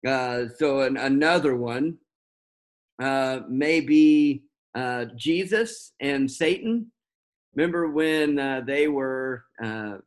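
Slow, hesitant male preacher. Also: on the high side. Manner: unscripted, many fillers and restarts. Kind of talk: sermon.

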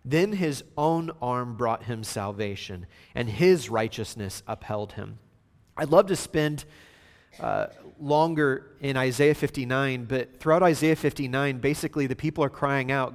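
A man preaching a sermon, swinging between hushed, slow passages and loud, emphatic outbursts. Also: mid-range voice, big-room sound. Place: church sanctuary.

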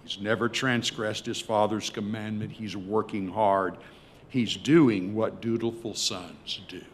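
A male preacher telling a story in a sermon, swinging between loud emphasis and hushed tones. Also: on the low side, fairly even intonation, measured pace, slight background noise.

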